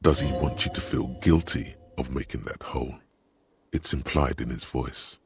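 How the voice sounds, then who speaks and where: A man's voice: rumbling low, moderate pace, music in the background. A man giving dry, sardonic scripted narration for a video game.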